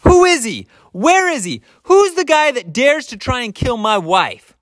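A man's voice: very high voice, very animated, unhurried, no echo, pitched above the performer's own voice, exaggerated voice. A man doing an outraged hot-tempered king. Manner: shouting, indignant questions.

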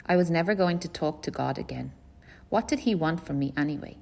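A woman reading a first-person novel aloud in a plain, measured storytelling voice. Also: low voice, lively intonation, vocal fry, a little mellow. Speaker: audiobook reader.

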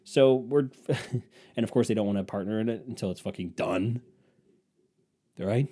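A man's voice: fairly low pitch, a little slow, dark tone, husky. A man hosting his own podcast, delivering a profane, sarcastic, rambling comedic rant. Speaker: podcast host. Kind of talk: casual comedic monologue.

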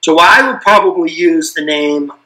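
A man with a bright, forceful voice pitched a little high walks through his explanation step by step. He is patient and thorough, and he often pauses on "uh" while he thinks. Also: rough recording. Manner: patient, detailed explanations with frequent fillers. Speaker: guest expert on invented languages. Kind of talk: explanatory podcast chat.

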